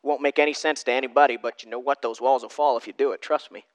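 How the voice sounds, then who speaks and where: A man preaching a teaching sermon, talking straight to his listeners, moving from loud stressed words to hushed asides. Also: medium pitch, steady tone, fast. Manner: conversational, addresses listeners directly. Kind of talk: sermon teaching from note sheet.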